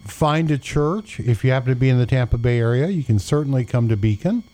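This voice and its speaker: A man co-hosting a Christian radio show as a pastor, giving unhurried, fatherly advice with frequent pauses and fillers. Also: mid-range voice, dark tone. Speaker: pastor and co-host. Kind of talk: casual Christian radio talk.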